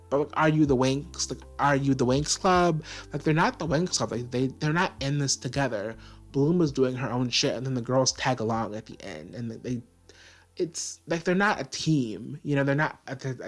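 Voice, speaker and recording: A man's voice: medium pitch, normal speed, soft background music. Sassy man ranting in a review. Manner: sassy, filler-heavy, exasperated ranting. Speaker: TV show reviewer. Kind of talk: casual video review.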